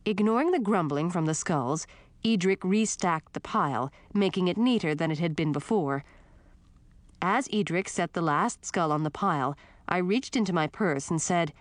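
A woman reading a first-person fantasy story with steady, expressive narration. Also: fairly low pitch, normal speed, no echo. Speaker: audiobook narrator.

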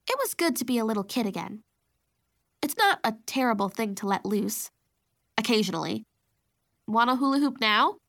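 A woman's voice: a little high, sing-song, a little fast, gravelly, pauses often. Woman narrating a children's story. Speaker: audiobook narrator.

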